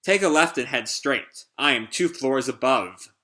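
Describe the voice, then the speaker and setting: A man reading the lines of a calm, condescending female pirate captain. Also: mid-range voice, a little slow. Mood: cool.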